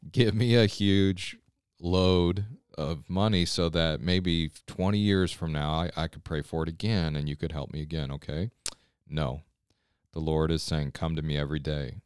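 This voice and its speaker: A man's voice: sits low, steady tone, measured pace, a little mellow, clean tone, no echo, studio quality. A man, a pastor, giving an earnest, conversational scripture devotional on a podcast and often checking in with listeners.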